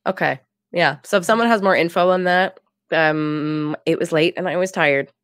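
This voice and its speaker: A woman co-hosting a casual podcast, animated and giggly as she recaps a TV episode. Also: on the low side, normal speed, no echo. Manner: animated, giggly, quotes lines in put-on voices. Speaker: podcast co-host. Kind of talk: casual chat.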